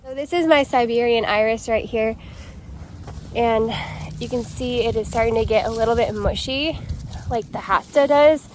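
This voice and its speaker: Casual woman garden vlogger, a touch high, rambling chat to viewers, recorded outdoors with noticeable traffic noise. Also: moderate pace, darkish tone. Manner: chatty, rambling, talks straight to viewers.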